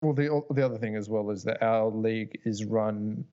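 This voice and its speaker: A young Australian man co-hosting a podcast, explaining his points in a measured, casual way. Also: lowish voice, dark tone, clean tone, highs cut off. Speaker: podcast co-host. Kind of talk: casual chat.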